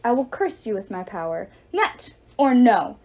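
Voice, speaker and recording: A proud goddess of victory spits curses and threats in a high, swooping voice, as a woman reading a book puts her on. The delivery is haughty and loud, rising sharply on her warnings. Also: very animated, unhurried, heavily acted. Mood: furious, haughty.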